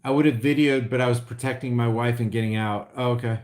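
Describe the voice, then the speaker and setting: A man's voice: mid-range voice, steady tone, quick pace. Rambling middle-aged man streaming. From Oklahoma. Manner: rambling, restarts, swings loud and quiet. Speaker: vlogger reading live chat. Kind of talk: casual livestream chat.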